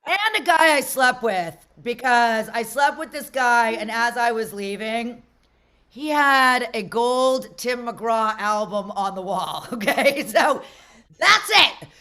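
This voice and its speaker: Woman, middle-aged, from Las Vegas, comedy host, stand-up, brash, rambling, higher voice. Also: slow pace, sharp tone.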